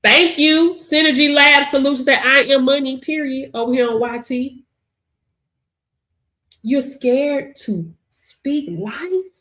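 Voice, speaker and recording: A woman's voice: high-pitched, slow pace, bright, forceful tone. A woman hosting a motivational livestream, talking to viewers in a preachy way and laughing often. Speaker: livestream host.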